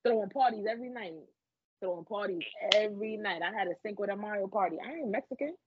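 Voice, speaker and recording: A woman from the Bronx with a New York accent, chatting as an interview guest in an animated, profane, slangy way. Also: medium pitch, fast talker. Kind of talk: casual interview chat. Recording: dull lo-fi audio with faint noise.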